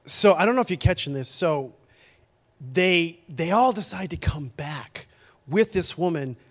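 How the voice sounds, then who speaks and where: A man preaching a sermon as a pastor, animated and acting out the people in the story. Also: on the high side, unhurried. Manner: animated, acts out quoted voices.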